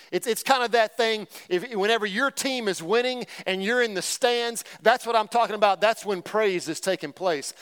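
A male pastor preaching with a high-pitched voice and constant calls to the crowd. His tone stays clear and resonant while he spins homey, joking anecdotes. The delivery is lively sermon talk. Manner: energetic, call-and-response with the congregation; folksy storytelling with humor.

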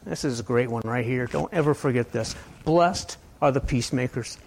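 A man preaching a sermon in a conversational, rambling way, asking his listeners question after question and swinging between loud and soft. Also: medium pitch, normal speed, vocal fry. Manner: conversational, asks the audience many questions. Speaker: pastor.

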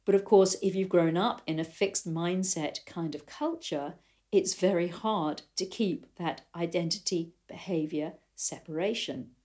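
A woman's voice: lowish voice, a little slow. An older woman, a riding coach, giving a reflective talk to riders and telling stories in a thoughtful way. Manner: thoughtful, storytelling, animated quotes.

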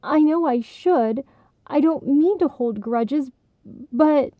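Tearful young woman pilgrim voiced by the female narrator, pitched up and pleading, phone-thin audio. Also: takes it slowly, no room sound. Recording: tinny phone-like sound.

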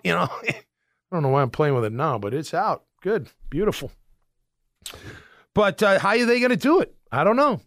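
A man hosting a casual sports podcast, ranting in an animated, exasperated way and often repeating himself. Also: high voice, no echo, clean studio sound.

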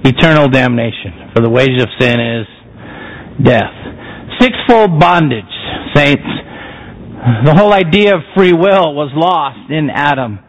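A man's voice: a little high, animated, unhurried, pauses often. Emphatic male preacher, muffled sound. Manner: emphatic, rhetorical questions to the congregation. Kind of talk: sermon.

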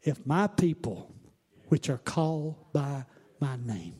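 A man preaching a sermon, moving from quiet, conversational asides to shouted, sing-song exhortation. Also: mid-range voice, sing-song, slow, slightly rough. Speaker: pastor.

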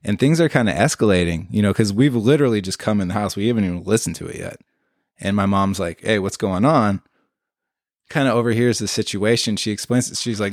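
A man's voice: lowish voice, a little fast, no echo, clean studio sound. A man telling a story in casual chat, swearing freely and acting out what people said. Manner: animated, swears freely, acts out quotes.

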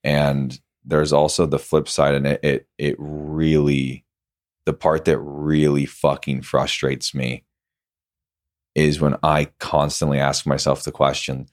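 A man's voice: extremely low pitch, level tone, takes it slowly. A man on a podcast, a business coach who gets fired up and rants with lots of swearing. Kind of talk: heated podcast conversation.

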